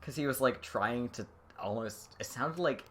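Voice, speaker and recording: A woman's voice: a bass voice, normal speed, slightly rough. A young woman from rural Pennsylvania co-hosting a podcast, telling stories in a chatty, rambling way. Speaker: podcast co-host. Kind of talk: casual chat.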